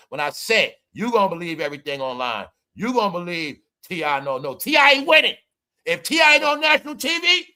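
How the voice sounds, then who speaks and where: Man, ranting commentary, preachy and emphatic, bright tense voice, slightly high pitch. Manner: emphatic, preachy, addresses viewers as y'all, swings loud and soft. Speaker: commentary streamer.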